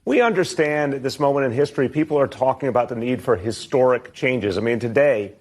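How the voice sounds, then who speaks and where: A man, a politician, answering questions in a televised interview in a measured, earnest way. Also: mid-range voice, lively intonation, a little mellow.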